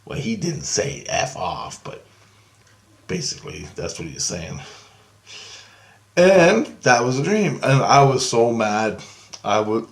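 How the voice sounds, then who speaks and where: A man telling a dream story in a casual vlog, animated, swearing heavily and acting out what people said. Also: on the low side, vocal fry. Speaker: vlogger.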